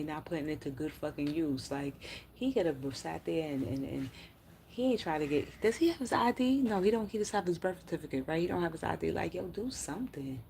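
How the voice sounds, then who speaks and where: A woman's voice: sits low, gravelly, darkish tone, slight background noise. A woman ranting bluntly and profanely on a casual livestream, reading chat comments aloud.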